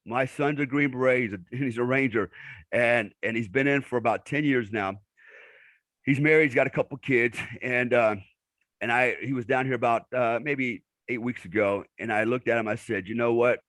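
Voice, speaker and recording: A middle-aged military veteran, a guest in a conversational interview, tells blunt stories full of filler words. His voice is medium-pitched and a bit bright, at normal speed, with no echo.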